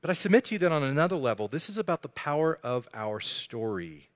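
A man's voice: on the high side, very animated, fast talker. A man preaching a sermon as a pastor, telling the story earnestly and acting out the quotes. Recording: echoey hall.

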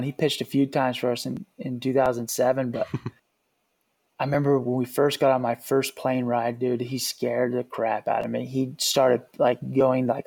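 A man's voice: medium pitch, gravelly, darkish tone. Laid-back man telling clubhouse stories. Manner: laid-back, says "dude" a lot. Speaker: former pitcher sharing stories. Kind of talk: casual storytelling chat.

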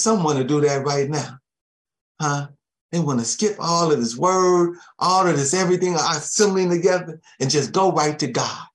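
A man preaching a sermon, chuckling often and dropping amens and soft thanks to Jesus between his points. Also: a little high.

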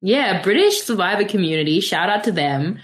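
A woman's voice: mid-range voice, animated, normal speed. A woman hosting a podcast in casual chat, with a playful, teasing way of talking. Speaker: podcast host.

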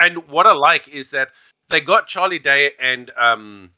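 A man co-hosting a podcast in casual chat, rambling and animated, with lots of fillers. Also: on the high side, a little slow, no echo, highs cut off. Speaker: podcast co-host.

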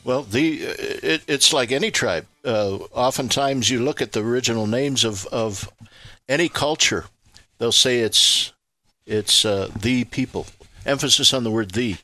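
Man, radio guest, preacherly and emphatic, bright forceful tone, dry studio sound. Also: medium pitch, a little slow, no echo. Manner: expansive, preacherly, builds to emphatic rhetorical questions. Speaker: ministry leader guest. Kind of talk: radio talk show guest, preaching explanation.

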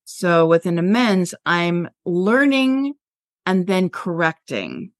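A woman's voice: on the low side, sing-song, slow, no echo, studio quality. A woman in her sixties, a veteran health teacher, speaking passionately as a podcast guest, telling classroom stories with emphasis. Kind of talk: podcast interview.

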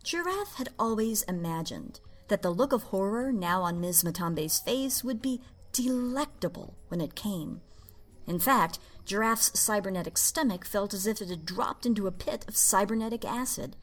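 A woman narrating a story in an expressive, playful reading. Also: mid-range voice, normal speed, faint music behind.

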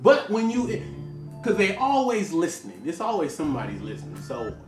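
Brief: man in his late forties, frank rambler, lively up-and-down delivery, recorded from across an echoey room with music playing underneath. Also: a little high, normal speed, far from the mic. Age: 40s. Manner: rambling, frank, stop-start with many restarts. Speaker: musician talking about his work. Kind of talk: casual monologue.

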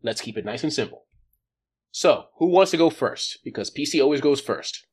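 A man's voice: mid-range voice, expressive, normal speed, breathy edge. A man running a tabletop role-playing game as game master, joking about how his plans went wrong. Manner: jokey, laughing at his own plans going wrong.

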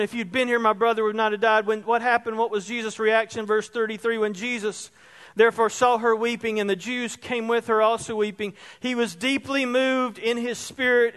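A man pastor preaching a sermon, moving between soft, hushed passages and loud emphasis. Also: very high-pitched. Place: church sanctuary. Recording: reverberant church hall.

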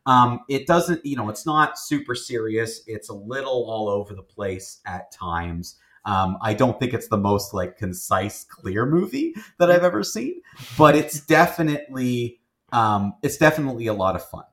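A man's voice: mid-range voice, sing-song, normal speed, fairly bright tone. A man hosting a casual film review chat, talking in a rambling way with lots of fillers and restarts.

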